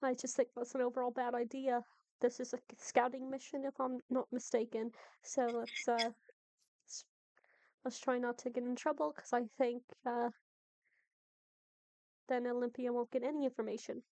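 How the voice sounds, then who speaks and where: A woman's voice: fairly high pitch, flat delivery, moderate pace, long pauses, a little mellow, dry recording, close to an everyday voice. A woman game master voicing a wary female guide in a put-on Irish accent that drifts, speaking with many ums and restarts. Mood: cautious. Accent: put-on Irish, drifting toward Boston. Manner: hesitant, full of ums and restarts.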